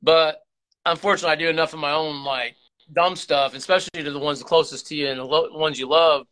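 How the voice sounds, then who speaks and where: A man's voice: a little high, fairly even intonation, fast talker, a bit bright. A man hosting his own channel, talking earnestly and emotionally in a rambling confessional way, with many restarts and repeated words. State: emotional, close to tears. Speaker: YouTube channel host. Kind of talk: candid confessional vlog talk.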